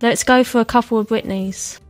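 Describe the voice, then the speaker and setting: Woman saying example lines for a lesson, chatty and lively, a bit high, faint music. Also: moderate pace. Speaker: example sentence reader in a lesson.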